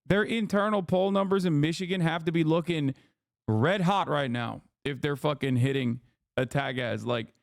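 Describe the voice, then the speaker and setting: Male streamer, casual profane rant, smooth clear voice, dry close sound. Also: on the high side, normal speed, dry recording. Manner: profane, ranting, animated rambling. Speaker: streamer host. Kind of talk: casual livestream commentary.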